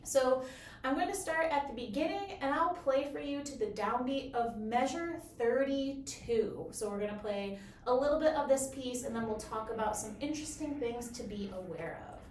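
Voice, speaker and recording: A woman explaining bassoon technique in a clear, encouraging, step-by-step way. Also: expressive, moderate pace, darkish tone, a little hiss or hum. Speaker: bassoon teacher. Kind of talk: instructional explanation. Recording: roomy echo, from a distance.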